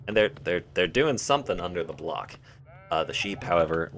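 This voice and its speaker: Deep-voiced joking male streamer. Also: expressive, normal speed, a bit bright, a little hiss or hum. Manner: joking, thinks aloud and answers chat. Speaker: game streamer. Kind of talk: casual live-stream chat while playing.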